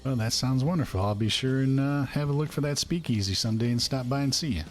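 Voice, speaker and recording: A man's voice: mid-range voice, fast talker, faint music behind, lightly acted. A man playing a polite, folksy old frontier man in a western role-play. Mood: friendly. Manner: courteous, warm-spoken, folksy.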